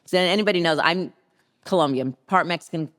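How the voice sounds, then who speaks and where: A middle-aged woman, a podcast guest, telling a story in a lively, casual way and acting out the people in it. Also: fairly low pitch, fairly quick. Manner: lively anecdote teller who acts out quoted people.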